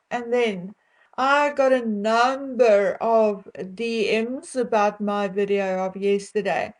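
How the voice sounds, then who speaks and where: A woman's voice: a little high, a little mellow, rough recording. An older South African woman chatting casually to her viewers, opinionated and chatty, often laughing between remarks. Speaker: vlogger.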